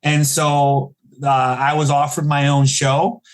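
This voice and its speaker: A comedian in his forties from Chicago, telling stories in a casual interview and acting out the people he quotes with big jumps in pitch. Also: little pitch movement, slow. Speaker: guest comedian.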